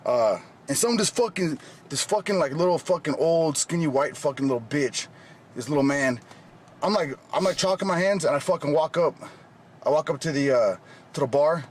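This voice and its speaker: A man's voice: a little high, animated, slight background noise. A man ranting angrily in a vlog clip, swearing constantly and acting out a quarrel. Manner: fast, heated, swearing constantly. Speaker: vlogger in a played clip. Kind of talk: angry profane rant.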